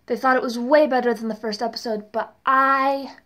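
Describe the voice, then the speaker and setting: Chatty high-voiced young woman. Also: fairly even intonation, moderate pace, a bit bright. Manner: chatty, leans heavily on "really". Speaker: TV review vlogger. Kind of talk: casual review vlog.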